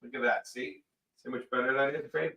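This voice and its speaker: A man's voice: medium pitch, steady tone, brisk, creaky, sharp tone, echoey room. A man joking around playfully on a livestream, a bit away from the mic.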